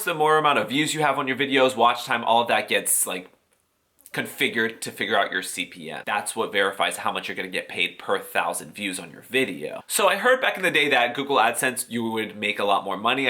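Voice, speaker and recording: Sassy, bright-voiced man vlogging. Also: medium pitch. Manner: sassy, profane, animated, with put-on quoted voices. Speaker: YouTuber. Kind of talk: casual vlog explaining monetization.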